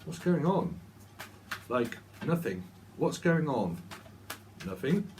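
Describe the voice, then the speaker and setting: A man's voice: a little high, sing-song, slow pace, darkish tone, slight background noise. A man giving a casual tarot reading, rambling and repeating words and names as he goes. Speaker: tarot reader.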